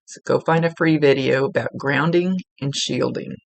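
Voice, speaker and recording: Woman, psychic medium, spirit reading, earnest, chatty, repeats herself, raspy fry, dead dry room. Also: rumbling low, moderate pace, no echo. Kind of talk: spirit reading, relaying messages.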